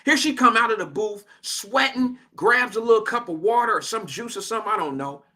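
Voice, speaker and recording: An American radio host from Cincinnati, Ohio, tells a story from the studio in an animated, slangy, casual way. His voice is high, bright and forceful, and he talks a little fast.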